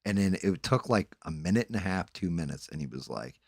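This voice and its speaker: A man's voice: low-pitched, lively intonation, brisk, vocal fry, darkish tone, slightly rough, no echo, clean studio sound. A man hosting a livestream, telling a rambling, profane gaming story in a laid-back way. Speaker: livestream host. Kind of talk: casual storytelling chat.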